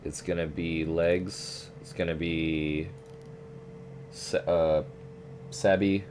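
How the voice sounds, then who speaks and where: A man's voice: low voice, slow, slight background noise. A young man streaming a flight sim, chatting casually and swearing now and then. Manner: relaxed, swears, says "dude" often. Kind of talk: casual chat.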